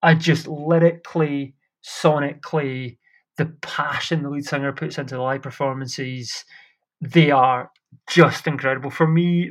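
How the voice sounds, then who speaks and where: A young man telling stories in a casual chat as a podcast guest, enthusiastic and rambling. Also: mid-range voice.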